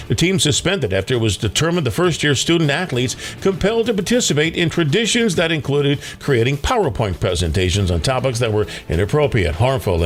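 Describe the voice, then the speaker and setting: A man reading a scripted local radio newscast in a measured way. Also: mid-range voice. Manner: measured, scripted news read. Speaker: newsreader.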